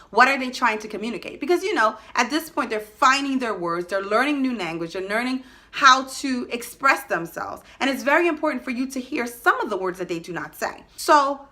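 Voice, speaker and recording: A woman's voice: high voice, bright, forceful tone. A woman giving a motivational talk to parents, emphatic and direct, repeating her key points.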